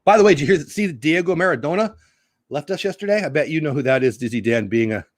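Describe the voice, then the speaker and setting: A man's voice: on the high side, expressive, quick pace, no room sound, clean studio sound. Chatty man hosting a live stream. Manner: chatty, jokey, reads headlines and greets chat viewers. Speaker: host of a live news stream. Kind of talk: casual live-stream chat.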